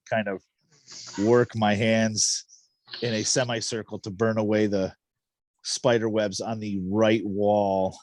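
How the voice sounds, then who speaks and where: A man's voice: lowish voice, darkish tone, dry recording. A man playing a tabletop game over a call, casually describing what his character does and laughing often. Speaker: player.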